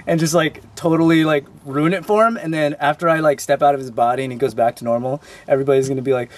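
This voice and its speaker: A young man answering fan questions in a relaxed, rambling way that is full of fillers. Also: fairly high pitch, quick pace, few pauses, a little hiss or hum. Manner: laid-back, loose, full of "like" fillers. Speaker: dance crew member answering fan questions. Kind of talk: casual Q&A.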